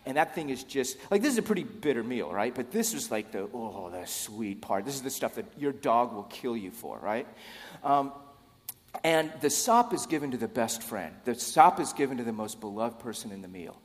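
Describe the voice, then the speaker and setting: A man's voice: mid-range voice, sing-song, a little fast. A man preaching a sermon in a casual, conversational way, with joking asides to the congregation. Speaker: pastor. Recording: long hall reverb.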